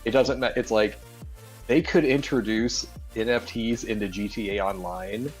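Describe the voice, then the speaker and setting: A man co-hosting a casual gaming news podcast, animated and jokey, often talking over his partner. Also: lowish voice, normal speed, soft background music. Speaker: podcast co-host.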